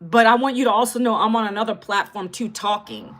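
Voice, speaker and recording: A woman in her fifties talks casually into her phone on a livestream. Her voice is bright and sits a little high for a woman. She greets viewers by name and keeps the chat upbeat and friendly. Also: brisk. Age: 50s. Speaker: content creator.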